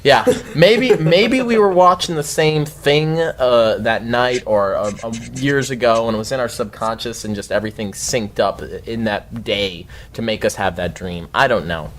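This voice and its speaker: A man telling a long story as a podcast guest, rambling and swearing freely and shouting the outbursts he quotes. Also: mid-range voice, moderate pace, few pauses. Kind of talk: casual storytelling chat.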